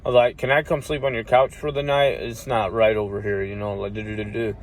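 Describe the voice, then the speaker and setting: A man's voice: on the low side, level tone, quick pace, a little hiss or hum. A man casually telling a long personal story, cursing often and rambling with restarts. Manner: profane, rambling, acts out quoted voices loudly.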